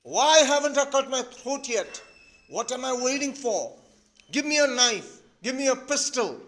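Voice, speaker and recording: A man voicing an irritable older father, blustering and shouting. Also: very high voice, normal speed. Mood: exasperated. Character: irritable old father, quick-tempered.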